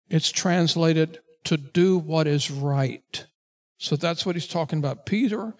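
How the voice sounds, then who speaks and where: A man preaching a sermon from the pulpit, his voice sitting a little high for a man. He leans hard on key phrases, stretching them out slowly, then hurries through asides with the odd "uh". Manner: emphatic preaching with slow drawn-out stresses and fillers. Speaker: pastor.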